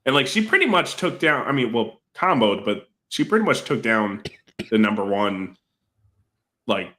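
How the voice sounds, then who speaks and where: A man on a podcast panel, rambling excitedly about a film with slangy talk. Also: medium pitch, moderate pace. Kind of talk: casual film discussion.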